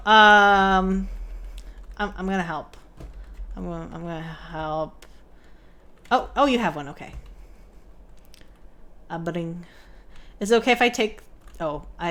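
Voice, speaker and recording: A young woman streaming a game, chatting casually in a playful, giggly, rambling way and poking fun at herself. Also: medium pitch.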